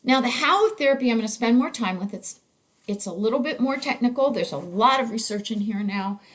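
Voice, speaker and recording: A woman, a speech-language pathologist, giving a recorded continuing-education lecture in a measured, explanatory way with small restarts. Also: on the high side, animated.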